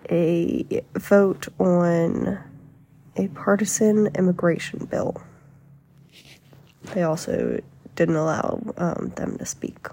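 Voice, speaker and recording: Gravelly, husky-voiced woman reading casually. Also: fairly low pitch, steady tone, slow pace, long pauses, warm tone. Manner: chatty, amused, laughs while reading, hesitant fillers. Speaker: podcast host. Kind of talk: casual podcast rant, reading an article aloud.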